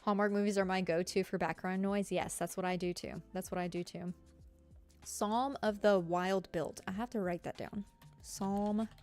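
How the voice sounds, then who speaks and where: A woman's voice: on the low side, fairly even intonation, normal speed, a little mellow, faint music behind. Giggly Southern woman chatting to viewers. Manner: chatty and giggly, lots of fillers. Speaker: streamer. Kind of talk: casual chat with live viewers.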